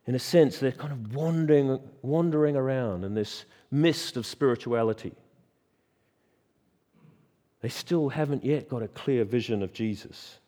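A man with a mellow voice on the high side preaches a sermon in a church, with a long reverb tail. He is emphatic, stressing key words, using dramatic pauses, and asking rhetorical questions again and again.

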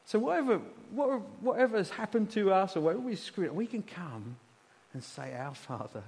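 This pastor's voice is high-pitched, expressive, and darkish, a little fast with vocal fry. Preaching a sermon and closing prayer in a church hall, he earnestly leads the congregation in call-and-response, and the recording carries hall reverb and a faint hum.

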